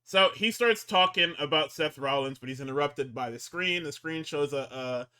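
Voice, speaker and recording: A man's voice: on the high side, moderate pace, bright, forceful tone, smooth. A man co-hosting a podcast, chatting casually as he recaps shows, rambling, cursing constantly and tripping over his words. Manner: rambling, swears constantly, stumbles and restarts. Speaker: podcast co-host recapping wrestling. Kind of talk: casual profane recap chat.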